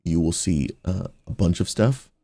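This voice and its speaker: A man's voice: low-pitched, moderate pace, vocal fry, dark tone, no room sound. A man who pastors and streams, chatting casually with his viewers while gaming and slipping into preaching. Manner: upbeat, talks straight to chat, slips into preaching.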